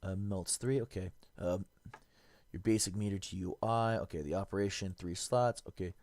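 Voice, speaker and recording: A man's voice: low voice, moderate pace, a little mellow. A man streaming a game, casually thinking aloud and correcting himself as he reads and works things out. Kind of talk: casual gameplay commentary.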